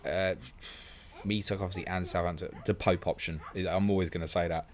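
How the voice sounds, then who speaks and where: A man hosting a live stream, reading out viewer questions and answering them in quick, chatty bursts. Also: low voice, level tone. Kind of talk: fast casual live-stream Q&A.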